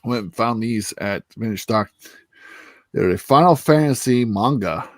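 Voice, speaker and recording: A man's voice: medium pitch, animated, measured pace, dry recording. A man hosting a casual chat with friends, crude and teasing, who laughs a lot and acts out mocking voices. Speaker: streamer host.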